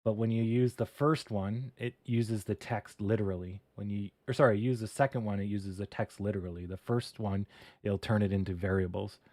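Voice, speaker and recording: A relaxed livestream host with a voice on the low side chats at a moderate pace while coding and reading charts. He talks himself through the work under his breath, laughing at his mistakes and cursing at them mildly.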